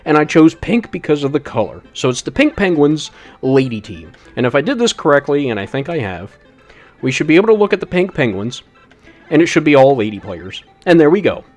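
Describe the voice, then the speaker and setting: A gaming streamer plays a retro video game live, chatting casually in a rambling, self-deprecating way. His voice is on the high side, sing-song, brisk, and a little mellow, with soft background music.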